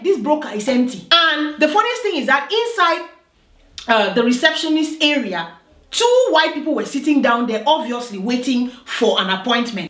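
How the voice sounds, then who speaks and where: A woman's voice: high voice, a bit bright. A woman from Africa telling a personal story in a vlog, emphatic and repetitive, often checking "do you understand?". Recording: roomy echo.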